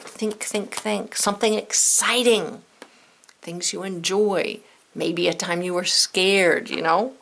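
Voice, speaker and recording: Female teacher, bright gravelly voice, animated and encouraging with young pupils. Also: mid-range voice, measured pace. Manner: animated, encouraging, speaks directly to kids. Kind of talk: children's lesson to camera.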